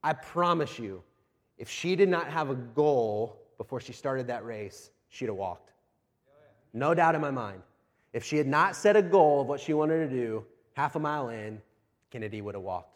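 A man's voice: mid-range voice, expressive, moderate pace. A man in his thirties, a pastor preaching a sermon, earnest and emphatic, repeating his key phrases. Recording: long reverb of a large hall.

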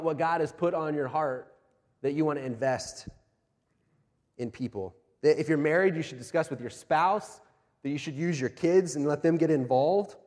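A pastor in his thirties delivers a sermon in an earnest, emphatic way, driving his points home by repeating them. His voice sits a little high for a man. It rings with the long reverb of a large church hall. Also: darkish tone.

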